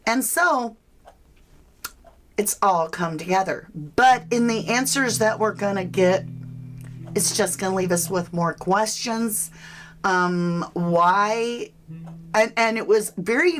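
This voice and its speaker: A woman hosting a true crime livestream, chatting casually with viewers and thinking aloud with frequent asides. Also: medium pitch.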